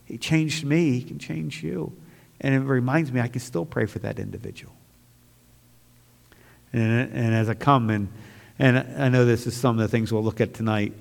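A man preaching a sermon as pastor to his church, moving from quiet, reflective talk to loud, fervent outbursts. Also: mid-range voice, moderate pace, creaky, long pauses, big-room sound.

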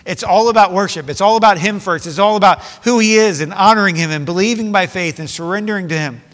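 A man's voice: high voice, fast talker, fairly bright tone. A middle-aged man preaching a sermon with impassioned force that swells and drops back. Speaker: pastor. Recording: long hall reverb.

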